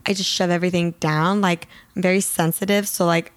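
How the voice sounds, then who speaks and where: A woman in her thirties, co-hosting a podcast in casual chat, talking freely and acting out her own reactions in quick quoted asides. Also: fairly low pitch, fairly even intonation, no echo. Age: 30s. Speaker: podcast co-host.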